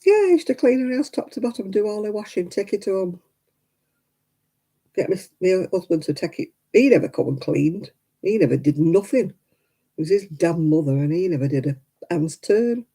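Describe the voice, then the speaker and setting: A woman's voice: on the low side, expressive, normal speed, warm tone, slightly rough, low-quality recording. An older woman, telling rambling personal stories in casual chat as host of a crafting livestream, full of "you know" asides.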